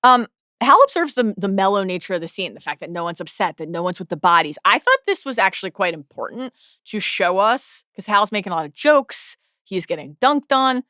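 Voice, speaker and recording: A woman's voice: medium pitch, sing-song, a little fast, sharp tone, no room sound, clean studio sound. A woman co-hosting a pop-culture podcast, recapping scenes eagerly and laughing often. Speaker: podcast co-host.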